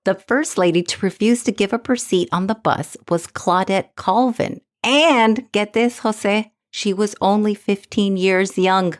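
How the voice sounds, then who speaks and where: A woman with a mid-range voice co-hosts a podcast, chatting casually, animated and quick to laugh.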